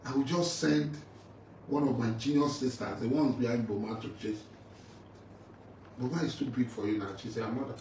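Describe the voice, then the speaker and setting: Here a militant leader of middle age, with a Nigerian English accent, mocks and confronts a rival in anger. His medium-pitched voice stays steady in tone and moves fairly quickly, broken by long pauses. The recording sounds roomy and distant, with faint ambient noise.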